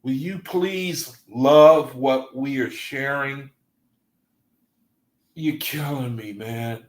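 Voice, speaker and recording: A man reading aloud to a study group and commenting, excitable and gushing with exclamations. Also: medium pitch, drawn-out words, reverberant, poor audio.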